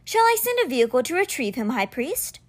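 A woman's voice: high voice, big pitch swings, fairly quick. A woman reading a storybook aloud, voicing a composed, dutiful female servant who speaks formally.

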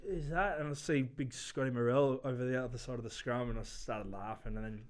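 A man's voice: mid-range voice, flat delivery, fairly quick. A man who plays rugby league, a guest chatting casually about a game and often repeating and restarting his words. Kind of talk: casual chat. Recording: crowd chatter behind.

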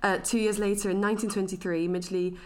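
A young woman co-hosting a casual podcast, playful and quick to laugh while reading out researched facts. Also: medium pitch, level tone. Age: young adult. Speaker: podcast co-host. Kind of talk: casual chat.

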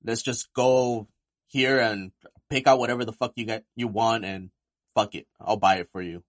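A man telling stories in a casual chat, animated and swearing freely. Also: on the low side, moderate pace, no room sound, clean studio sound.

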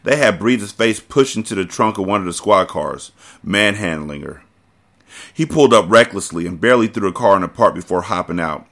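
A man's voice: deep voice, expressive, brisk, fairly bright tone. A man hosting a podcast, reading a novel aloud casually and breaking off to joke and comment.

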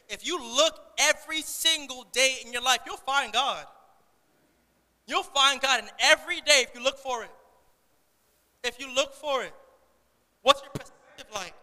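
A young man preaching a sermon to his church, talking quickly and excitedly. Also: extremely high pitch. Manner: fast, excitable delivery. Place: church sanctuary. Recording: echoey church hall.

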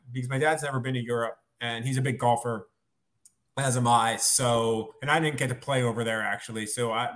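A man's voice: medium pitch, fairly bright tone. Casting: American male journalist guest, talkative, laughs easily, rambling. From United States. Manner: chatty, rambling, self-deprecating, laughs easily. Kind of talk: casual podcast chat.

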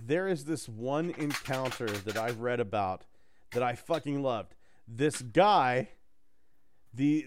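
A man's voice: on the high side, no echo, clean studio sound. A man hosting a casual podcast chat, telling crude stories with jokes. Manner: crude, joking storyteller. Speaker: podcast host.

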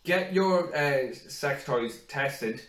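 A man co-hosting a podcast in casual banter, crude and quick to laugh, with the odd acted-out rant. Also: mid-range voice, animated, fairly bright tone, roomy sound, rough recording. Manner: crude, laughing, acts out others' rants. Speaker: podcast co-host.

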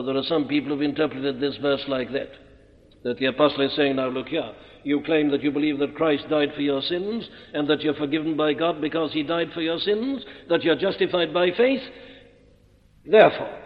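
A man preaching an expository sermon, emphatic and deliberate, posing rhetorical questions and answering them. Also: on the high side. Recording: muffled old recording in a reverberant hall.

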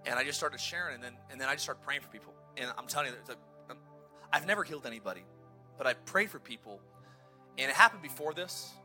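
Bright-voiced, animated male pastor preaching. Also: medium pitch, fast, soft background music. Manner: energetic, joking, self-deprecating storyteller. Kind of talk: sermon. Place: church.

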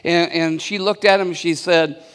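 A fairly high-pitched, smooth, slightly bright male voice speaks at normal speed with a steady tone, echoing with the long reverb of a big church hall. The pastor preaches through a story, inviting call-and-response from the congregation and often restarting and repeating words.

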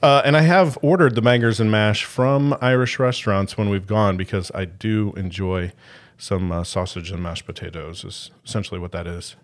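A man's voice: on the low side, normal speed. A man co-hosting a podcast in casual chat, joking and rambling with frequent fillers. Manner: jokey, rambling with many "uh" fillers and laughs. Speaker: podcast co-host.

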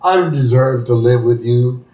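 A man's voice: mid-range voice, normal speed, dark tone, lightly acted. A man voicing a clueless, dependent cartoon husband who pleads in a whiny way. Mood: pleading. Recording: roomy, distant mic.

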